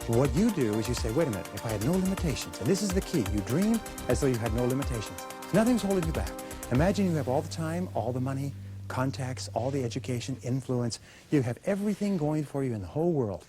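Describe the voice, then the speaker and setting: Energetic male seminar speaker. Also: medium pitch, fast talker, music in the background. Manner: energetic, animated, acts out quoted voices. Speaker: motivational speaker. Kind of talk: motivational seminar talk. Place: seminar hall before a live audience.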